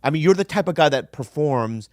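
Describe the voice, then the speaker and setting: A man's voice: a little high, lively intonation, fairly quick, no room sound. Passionate man on a dry studio mic. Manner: passionate, emphatic, profane. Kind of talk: casual podcast conversation.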